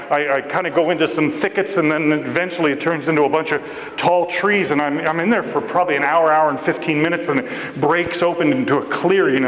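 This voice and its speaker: A man preaching a storytelling sermon as guest preacher, animated and acting out the voices in his story. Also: reverberant, in a large hall, slight background noise, low-quality recording. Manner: animated, acts out voices with big pitch jumps. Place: church sanctuary.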